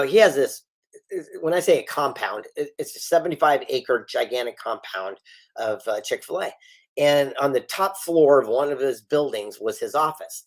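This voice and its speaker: A middle-aged man in an interview, telling his stories with plenty of life. His voice sits at an ordinary pitch, and he throws himself into the people he quotes, jumping higher and louder at the exciting moments. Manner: animated storyteller acting out quoted dialogue. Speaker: guest author and speaker. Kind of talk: storytelling interview.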